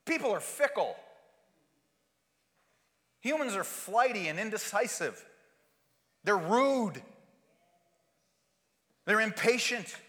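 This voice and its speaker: A man's voice: sits high, sing-song, slow pace, pauses often, sharp tone, long reverb tail. A male pastor preaching a sermon, asking rhetorical questions and hammering points home through repetition.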